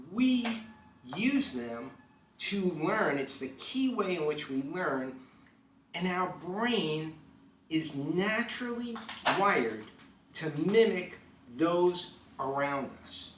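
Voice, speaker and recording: A man from New York speaks to the camera about leadership in an emphatic storytelling manner, leaning hard on key words. His voice sits a little high for a man and sounds a bit distant from the mic. The room around him is echoey, with a faint hiss underneath. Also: fairly bright tone. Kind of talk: motivational talk to camera.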